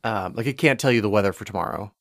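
A man with a lowish voice talks through his own experiences in an easygoing podcast chat. He uses some fillers. The sound is close and dry, with no room echo. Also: racing. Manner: relaxed storytelling, some fillers. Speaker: podcast co-host. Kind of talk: casual chat.

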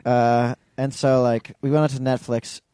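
A man's voice: medium pitch, level tone, moderate pace, dark tone, clear, resonant tone, no room sound, studio quality. A man co-hosting a podcast, telling rambling stories in casual chat and quoting people with plenty of swearing. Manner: rambling storyteller, quotes his wife with heavy swearing. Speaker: podcast co-host.

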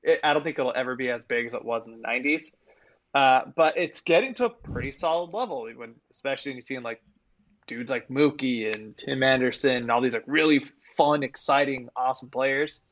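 A man co-hosting a casual sports chat, talking in an animated way and swearing freely. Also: medium pitch, brisk, lo-fi sound, slight background noise. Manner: animated, swears freely, laughs between points. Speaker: podcast co-host.

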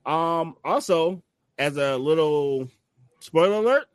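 A man hosting a relaxed online broadcast, loose and jokey, with plenty of ums and tangents. His voice sits a bit high for a man. The sound is dry and close, with no room around it. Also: slow, clean tone, dry recording. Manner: joking, rambling with many ums. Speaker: network host. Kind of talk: casual livestream chat.

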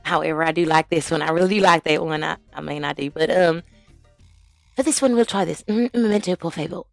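A young adult woman hosting her channel, chatting casually while reading out social media comments, with drawn-out hums and asides. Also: deep voice, gravelly, no echo, soft background music. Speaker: channel host.

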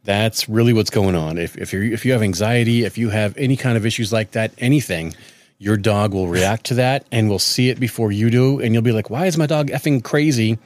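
A man in his thirties, co-hosting a podcast in casual chat, telling animated stories and acting out quotes. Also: fairly low pitch, brisk, dry recording. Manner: animated storyteller, acts out quotes. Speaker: podcast co-host.

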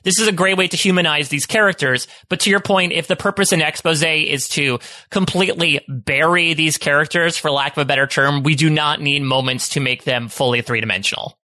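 A man's voice: fairly high pitch, steady tone, a little fast, few pauses, bright, forceful tone, no room sound. A man co-hosting a podcast in casual chat, recapping episodes in a wry, conversational way. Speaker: podcast co-host.

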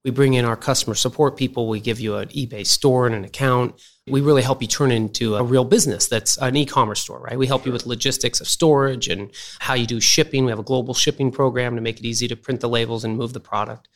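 A man's voice: medium pitch, fast. Upbeat man telling success stories. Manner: animated storyteller, acts out quoted people. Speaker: company executive guest. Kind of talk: conversational interview.

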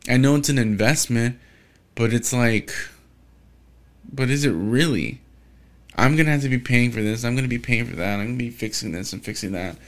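A young man in a mid-pitched voice holds forth alone on his podcast. He rambles, swears freely and keeps breaking off to restart his thoughts, sounding frustrated. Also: normal speed. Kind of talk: casual solo podcast monologue.

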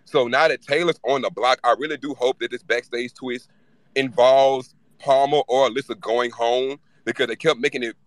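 Man guest, bright forceful voice, fast irritated rant, swears freely. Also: mid-range voice, dry recording. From Louisiana. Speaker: live-stream guest speaker. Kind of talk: casual fan chat.

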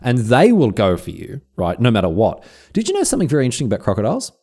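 A man's voice: medium pitch, wildly swooping pitch, racing, dark tone. A man co-hosting a podcast, telling travel stories and trivia in a rambling, playful casual chat. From Australia. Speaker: podcast co-host.

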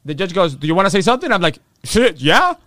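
A man's voice: high voice, quick pace, dry recording, clean studio sound. A man with a Spanish-influenced accent telling his story in casual talk, acting out the people he quotes and swearing freely. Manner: animated, acts out quotes, swears. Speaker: guest.

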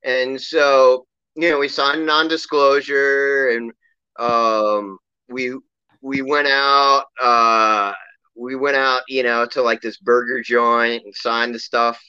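Bright-voiced New man rambling. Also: medium pitch, little pitch movement, slow, smooth, no echo, lo-fi sound. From New York City. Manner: rambling, laughing, full of fillers. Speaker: guest, bike company owner. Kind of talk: casual storytelling.

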